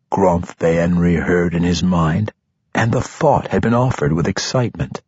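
A man reading a fantasy novel as an audiobook narrator, measured and expressive, in a dull, dry recording. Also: sits low, slightly rough, no room sound.

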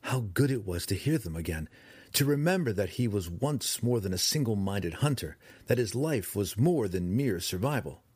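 A man narrating a fantasy audiobook in a dramatic, expressive reading style, close to the mic. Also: fairly low pitch, normal speed, breathy edge, dry recording.

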